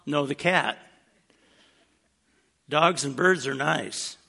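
A man's voice: on the high side, extremely slow, creaky, sharp tone, breathy edge. A man preaching a casual, plainspoken sermon, dropping in wry humorous asides as he teaches. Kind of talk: conversational sermon.

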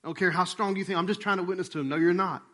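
A pastor preaches a storytelling sermon at rapid-fire speed, casual and animated. His voice sits a touch higher than most men's, he acts out the people in his tale through remembered dialogue, and he drops to a near whisper for tender moments.

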